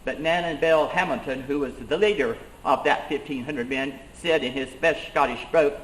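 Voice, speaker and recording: A man's voice: on the high side, normal speed, fairly bright tone, a little hiss or hum, natural voice. A man playing an 18th-century colonial schoolmaster turned rebel leader, telling his story in first person with earnest emphasis. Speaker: living-history reenactor. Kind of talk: first-person historical reenactment monologue. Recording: roomy echo.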